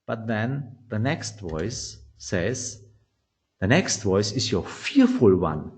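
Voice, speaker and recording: A man teaching trading psychology in non-native English, animated and often restarting phrases. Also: medium pitch, slow pace. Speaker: trading educator. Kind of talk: instructional talk.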